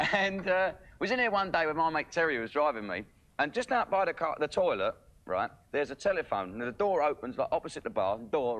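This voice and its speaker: A man's voice: fairly high pitch, a bit bright. A man, a fellow entertainer telling a casual anecdote in chatty, laughing, loose working-class speech. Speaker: fellow entertainer giving a tribute. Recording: dull lo-fi 1980s TV sound.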